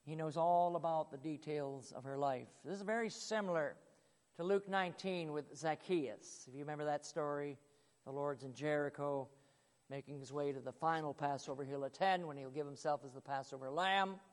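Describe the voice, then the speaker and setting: A man's voice: fairly high pitch, moderate pace, long reverb tail. A man preaching a sermon in an emphatic, dramatic way.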